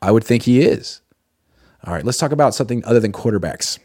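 A blunt, opinionated man chats loosely on a sports stream, reading out viewer comments and firing back plain-spoken takes. His voice sits at an everyday middle pitch. The sound is dry and close, with no room around it. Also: animated, fast, dark tone, no echo. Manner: blunt, opinionated, swears casually, reads viewer comments aloud. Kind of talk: casual live-stream chat.

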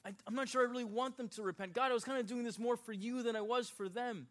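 A man's voice: extremely high pitch, steady tone, fast, a bit bright, voice pushed up. A man voicing a resentful, grudging male prophet who stammers out his complaint.

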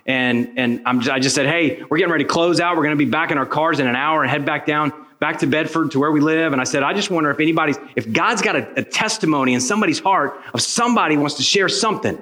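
A pastor telling a personal story in a sermon, acting out the voices of the people in it. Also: male voice, on the high side, quick pace, few pauses. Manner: animated storyteller acting out dialogue.

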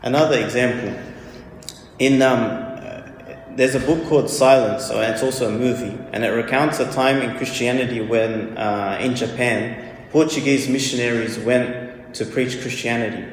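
Male preacher, earnest storyteller, mid-pitched, very reverberant church hall with faint noise. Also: steady tone, moderate pace. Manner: earnest storytelling, repeats key questions. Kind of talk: homily.

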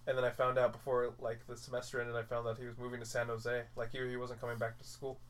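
A man's voice: medium pitch, monotone, fast talker, fairly bright tone, a little hiss or hum, low-quality recording. A man chatting on a podcast, rambling through a story and saying "like" often. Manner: rambling storyteller, heavy use of "like". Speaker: podcast co-host. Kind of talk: casual chat.

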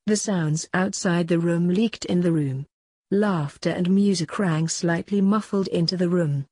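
A woman narrating a story aloud in an even, unhurried way, with a husky voice. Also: lowish voice, no echo, studio quality. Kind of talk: storybook reading.

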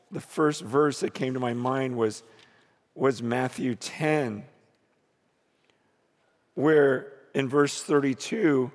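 A man preaching a sermon as he tells a story, swinging from hushed lines to shouts. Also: on the high side. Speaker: pastor. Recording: long reverb of a large hall.

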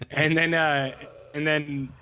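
A man's voice: mid-range voice, fairly bright tone, a little hiss or hum. A man co-hosting a podcast, recapping a film in a rambling, blunt, profane way with lots of fillers. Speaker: podcast co-host. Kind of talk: casual film recap chat.

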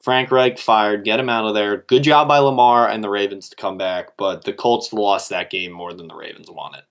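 A podcast co-host with a lowish voice talks at normal speed in a casual chat about sports betting. He gives emphatic, opinionated takes on bets and pushes his points hard.

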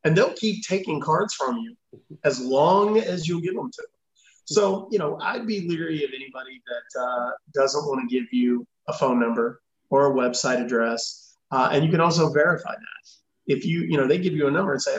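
A man's voice: mid-range voice, normal speed, roomy sound, lo-fi sound. A man on a podcast as a consumer advocate guest, explaining scams at length and acting out the callers' lines, with many fillers. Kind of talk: podcast interview answers.

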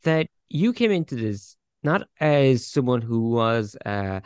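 A male radio host interviewing a guest and keeping it moving with short, encouraging prompts. His voice is very smooth and clear, with a lively, swinging pitch. The sound is dry and close. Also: slow pace, no echo. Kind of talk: casual interview.

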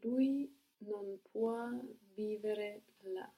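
A woman's voice: medium pitch, extremely slow, dark tone, low-quality recording. A woman learning a language, giving careful, hesitant answers to a tutor's prompts. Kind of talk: answering lesson drills.

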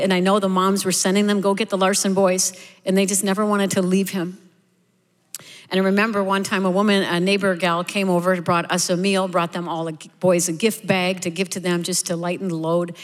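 A woman's voice: fairly low pitch, long reverb tail. A middle-aged woman giving a personal testimony sermon at a church service, telling her story in a candid, heartfelt, conversational way. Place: church sanctuary.

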